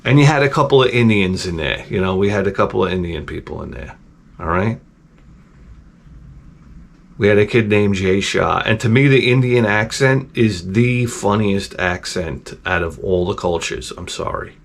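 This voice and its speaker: A man's voice: on the low side, moderate pace, creaky. A middle-aged man hosting his own channel, telling rambling, profane stories in a casual, digressive way. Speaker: channel host.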